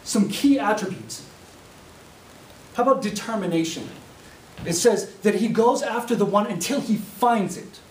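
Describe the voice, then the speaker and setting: Guy preaching a sermon, high voice that jumps all over, acts out little voices, echoey room, mic kinda far, faint hiss. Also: expressive, a little slow, long pauses. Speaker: preaching student. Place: university classroom.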